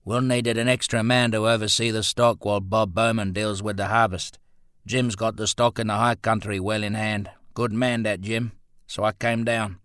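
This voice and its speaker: A man's voice: on the low side, level tone, normal speed, fairly bright tone, dry recording, natural voice. A man voicing Harry Simpson, a large, plain-spoken stockman with a dry, teasing way of talking, in an audiobook. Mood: steady.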